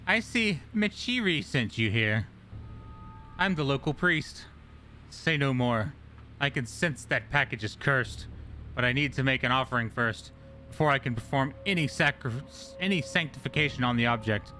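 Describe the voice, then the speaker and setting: A man voicing a stern priest who speaks slowly and gravely while asking for an offering, reading a game's lines. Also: medium pitch, animated, bright, forceful tone, a little hiss or hum, voice pushed down. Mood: solemn. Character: stern low-voiced male priest demanding cash.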